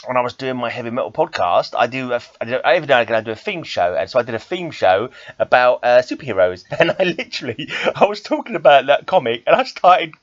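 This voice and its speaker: A man's voice: mid-range voice, very animated, fast, no room sound. Chatty man, muffled dry recording. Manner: chatty, self-deprecating, laughs often. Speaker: comic book vlogger and metal podcaster. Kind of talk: casual rambling monologue.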